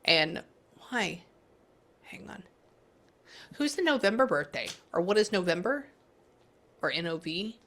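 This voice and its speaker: A woman giving a psychic reading, thinking aloud and often pausing to say hang on. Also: medium pitch, lively intonation, creaky, fairly bright tone. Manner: chatty, thinks aloud, keeps saying "hang on". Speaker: psychic medium. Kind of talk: live reading session.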